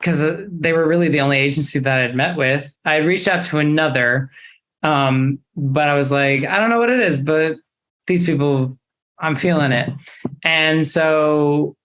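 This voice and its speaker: A young adult man, an actor guest in a casual interview, telling a story in a lively, expressive way. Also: fairly high pitch, a little slow.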